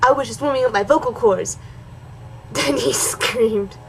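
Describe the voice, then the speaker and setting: A woman's voice: fairly high pitch, measured pace, a little hiss or hum, low-quality recording. Sarcastic woman reading aloud mockingly. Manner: sarcastic, mocking, switches between reading and snarky asides. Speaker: reaction video host. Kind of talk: comedic dramatic reading with commentary.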